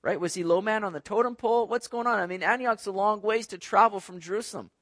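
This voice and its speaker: A man's voice: high voice, fast, a bit bright, no echo. Man preaching with a dry, close sound. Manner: conversational, asks the congregation "right?" often. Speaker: pastor. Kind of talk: sermon. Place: church service.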